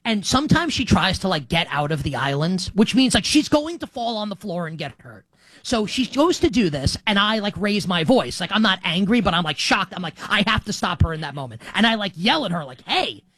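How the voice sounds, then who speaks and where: A man's voice: high-pitched, big pitch swings, fairly quick, fairly bright tone, dry recording. A man hosting a sports talk show, chatting casually and restarting his sentences often. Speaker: sports podcast host. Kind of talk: casual chat.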